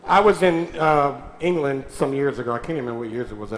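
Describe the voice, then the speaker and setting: In an echoey church sanctuary, a male pastor preaches with a mid-range, expressive voice at a fairly quick pace. He calls out to the congregation and teases them.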